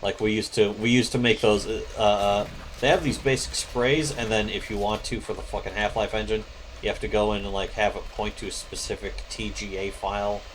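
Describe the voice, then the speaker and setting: A man's voice: lowish voice, fairly even intonation, a little fast. A man co-hosting a podcast, talking casually and profanely about games. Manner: profane, laid-back. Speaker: podcast co-host. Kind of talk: casual chat. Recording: noisy background.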